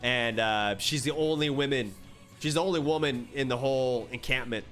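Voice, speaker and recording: A man recapping a manga story in a casual, rambling, animated way with many filler words. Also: medium pitch, moderate pace, soft background music. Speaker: manga reviewer.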